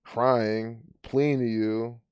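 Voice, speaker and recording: A man's voice: medium pitch, level tone, takes it slowly, darkish tone, smooth, no room sound, studio quality. A man hosting his own commentary channel, talking casually and scornfully over a news clip, often sarcastic and laughing.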